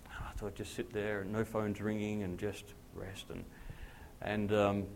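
A man, a pastor telling a personal testimony in a sermon, acting out the dialogue with lively jumps in his voice. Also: a little slow, gravelly, a little hiss or hum. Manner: animated storyteller who acts out dialogue with big pitch jumps.

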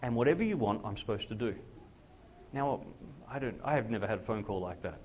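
A man, a pastor telling a personal testimony in a sermon, acting out the dialogue with lively jumps in his voice. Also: brisk, a little hiss or hum. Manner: animated storyteller who acts out dialogue with big pitch jumps.

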